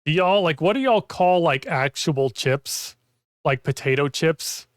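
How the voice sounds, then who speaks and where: A man chats casually while gaming on a stream, rambling and leaning heavily on "like" as his voice gives out. His voice is fairly high and animated but unhurried, recorded in clean studio sound with no room echo.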